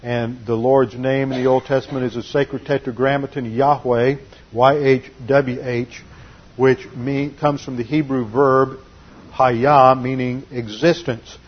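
A man's voice: medium pitch, fairly even intonation, unhurried, dull audio, a little hiss or hum. A man preaching a sermon, teaching carefully and explaining the meanings of Greek and Hebrew words.

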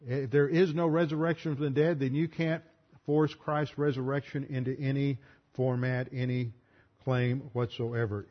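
Man, Bible study lecture, methodical, explanatory, mid-pitched, muffled lo-fi sound. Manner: methodical, explanatory, spells out terms. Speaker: Bible teacher. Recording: muffled lo-fi recording.

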